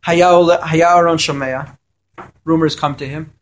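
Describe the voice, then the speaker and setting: A man's voice: a little high, steady tone, moderate pace. A man teaching a Torah lesson to yeshiva students. He reads Hebrew verses aloud, translates them, and asks questions before answering them.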